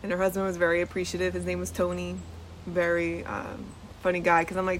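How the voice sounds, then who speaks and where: A woman's voice: on the low side, monotone, brisk, slight background noise, rough recording. A woman podcast host and nurse telling a story in a casual, chatty way, full of "like" and "um," recorded outdoors on a front porch. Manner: chatty, with frequent "like" and "um" and laughter.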